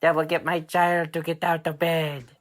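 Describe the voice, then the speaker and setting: A man's voice: fairly high pitch, little pitch movement, moderate pace, a bit bright, pitched above the performer's own voice, close to an everyday voice. A man doing a fretful, pleading storybook mom. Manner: pleading, broken phrasing. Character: fretful mother of a sleepy child.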